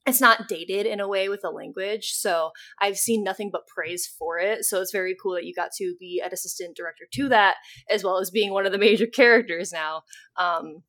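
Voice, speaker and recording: A woman's voice: mid-range voice, a little fast, fairly bright tone. A woman hosting a podcast in casual chat, rambling and praising her guest with many fillers. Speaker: podcast host.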